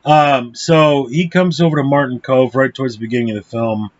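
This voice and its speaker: A man's voice: medium pitch, steady tone, brisk. Casual male film reviewer with an ordinary mid-range voice. Blunt and profane, rambles with fillers, on a dull lo-fi recording.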